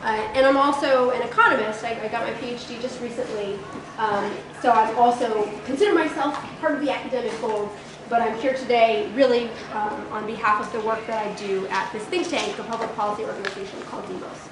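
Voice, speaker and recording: Hoarse woman lecturing in an echoey hall. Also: a little high, fairly even intonation, a little fast. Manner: participatory, conversational, frequent ums. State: hoarse, losing her voice. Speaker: guest lecturer. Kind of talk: college lecture. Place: college lecture room. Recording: echoey room with background noise.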